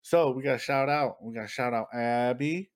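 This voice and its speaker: A man in his thirties co-hosting a casual podcast, telling profane, animated stories and acting out what other people said. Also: mid-range voice, moderate pace. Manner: profane, animated storytelling with acted-out quotes. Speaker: podcast co-host.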